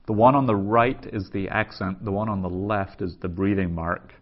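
Male teacher, deep and unhurried, patient and methodical, muffled lo-fi sound. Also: fairly even intonation. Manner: patient, methodical, repeats forms aloud. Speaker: Greek teacher. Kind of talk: slow spoken grammar lesson.

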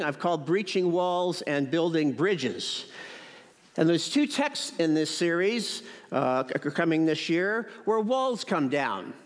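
Lively-voiced male pastor in an echoey church. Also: a little high. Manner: storytelling to children. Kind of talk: sermon.

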